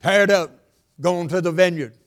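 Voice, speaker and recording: An older man preaching a sermon, repeating lines for emphasis and swinging between loud and hushed delivery. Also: high-pitched, brisk, vocal fry.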